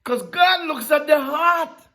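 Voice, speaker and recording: A woman preaching a sermon, teaching from scripture in a slow, emphatic way. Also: high-pitched, pushed and bright. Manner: emphatic, rising and dropping sharply, slow deliberate preaching.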